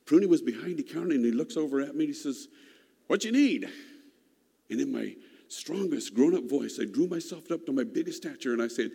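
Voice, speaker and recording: A man telling a personal childhood story in an unhurried, folksy, reflective way, heard in a reverberant hall. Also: medium pitch, expressive, vocal fry, dark tone, breathy edge.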